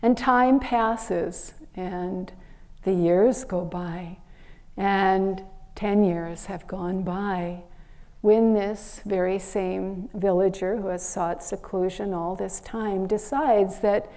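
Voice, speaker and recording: A woman minister telling a story in a Sunday sermon, gently and with pauses. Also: medium pitch, steady tone. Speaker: minister giving a Sunday service.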